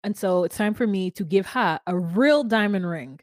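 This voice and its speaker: A podcast co-host recaps a reality show in casual, joking conversation, even singing silly made-up lyrics. Her medium-pitched voice has lively intonation and a moderate pace, captured in clean studio sound with no room noise.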